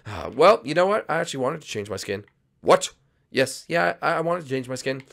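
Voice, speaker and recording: A man's voice: medium pitch, big pitch swings, a little fast, vocal fry, fairly bright tone, pitched above the performer's own voice. A man voicing a timid, whiny young male sidekick who pleads anxiously, for a game roleplay. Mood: pleading.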